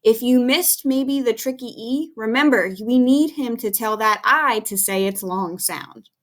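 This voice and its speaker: Slow, patient woman teaching young kids. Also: on the high side, fairly bright tone. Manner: slow, patient, encouraging, spells words out letter by letter. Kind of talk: recorded phonics lesson for young children.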